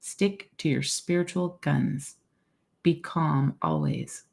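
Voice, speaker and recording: Low, gravelly woman reading calmly. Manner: calm, measured reading. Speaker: podcast co-host reading meditation. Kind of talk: reading a meditation aloud.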